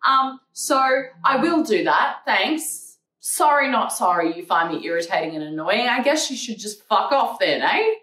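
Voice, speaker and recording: Young woman, mocking and profane; bright-ish, highly animated voice in a roomy space. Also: unhurried. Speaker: vlogger. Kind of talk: ranting reply to comments. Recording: echoey room, mic at a distance.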